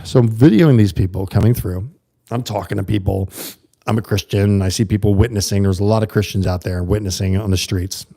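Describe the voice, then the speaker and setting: Casting: American man, livestream host, low mellow voice, rambling and chatty with viewers. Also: fairly even intonation, brisk, creaky. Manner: rambling, talks to viewers and reads chat. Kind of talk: casual livestream monologue.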